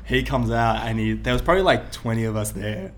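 A man's voice: mid-range voice, expressive, a little fast, slight background noise. Young man telling rambling stories. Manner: rambling storytelling full of fillers. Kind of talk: casual chat.

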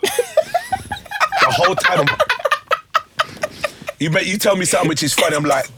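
A young man, a comedian guest on a podcast, telling animated stories and laughing often. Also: fairly high pitch, brisk, heavy background noise. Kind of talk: casual podcast chat.

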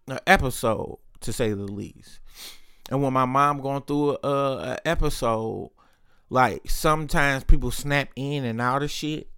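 Smooth-voiced man in his thirties telling a story. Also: medium pitch, pushed and bright, no room sound. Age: 30s. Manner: candid, profane, acts out quoted voices. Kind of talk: casual storytelling.

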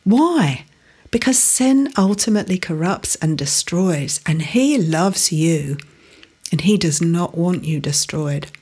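A woman's voice: lowish voice, lively intonation, slow pace, darkish tone, slightly rough. A woman preaching a sermon, teaching earnestly from scripture with emphatic rising stresses.

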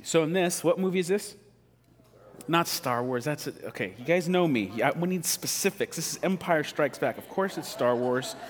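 Chatty man preaching in an echoey hall. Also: a little high. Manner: casual, joking, conversational preaching. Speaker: pastor. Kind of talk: sermon.

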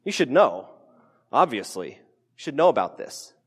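A man's voice: medium pitch, big pitch swings, normal speed, breathy edge. A man preaching a sermon as a pastor in a casual, conversational way, with playful asides and acted-out quotes. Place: church sanctuary. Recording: church hall with long reverb.

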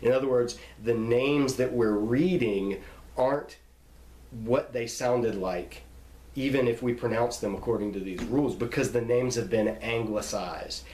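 A man teaches in a relaxed lecture, slowing down to spell out names and repeat the key points. His voice sits at an ordinary middle pitch. The sound carries a noticeable room echo. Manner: patient, repeats and spells out words. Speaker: Bible teacher. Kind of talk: informal classroom lecture. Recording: echoey room.

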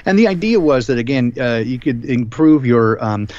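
A man hosting a live stream discussion, talking in a rambling, emphatic way with many filler pauses. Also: mid-range voice, expressive, a little mellow. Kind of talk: casual discussion. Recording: dull lo-fi stream audio.

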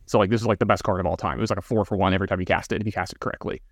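A podcast co-host spins long, casual anecdotes packed with fillers and asides. His voice is low, with fairly even intonation, and he talks rapid-fire. The studio sound is clean, with no echo.

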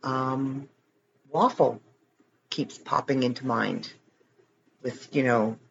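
A man's voice: mid-range voice, slow, gravelly, a bit bright, lo-fi sound, slight background noise. A man hosting a podcast late at night, tired and rambling, chatting casually with self-deprecating jokes and frequent chuckles. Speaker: podcast host. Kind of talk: casual chat.

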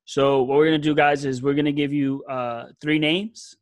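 A man's voice: a little high, little pitch movement, normal speed, no room sound. A man hosting a podcast, upbeat as he explains a recurring segment to his guests. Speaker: podcast host.

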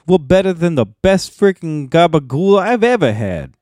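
A guy putting on a loud hammy east coast dude, pitch up high and pushing hard, dry close sound. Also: sing-song, moderate pace, no room sound. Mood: delighted. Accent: attempted East Coast. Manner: boisterous, exaggerated. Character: loud East Coast man praising a meal.

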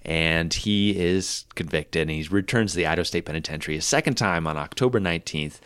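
A man's voice: deep voice, fairly quick, hardly any pauses, fairly bright tone, smooth, no echo. A man casually telling a history story as a podcast co-host, laughing often and reading old quotes aloud.

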